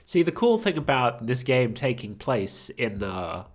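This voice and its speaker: A man's voice: mid-range voice, very animated, a little slow. A man from Australia with an Australian accent, giggling as he reads and comments on a video game. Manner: giggly, laughs often. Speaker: streamer. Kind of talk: gaming commentary.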